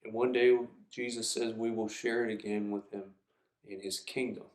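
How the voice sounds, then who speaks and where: A man's voice: lowish voice, flat delivery, moderate pace. A man preaching a sermon in an earnest, reflective way, reading scripture aloud in a church. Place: church sanctuary. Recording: echoey room.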